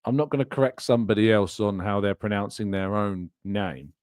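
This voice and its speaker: A man's voice: fairly low pitch, brisk, a little mellow, no room sound. Chatty man, dry close sound. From England. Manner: chatty, rambling, laughs often. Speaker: podcast host. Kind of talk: live-stream chat, reading viewer comments.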